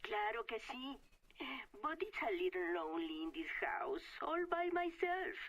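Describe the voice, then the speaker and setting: An actress voicing a lonely elderly grandmother, speaking softly and wistfully on the phone. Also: on the high side, big pitch swings, normal speed, rough recording. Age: older.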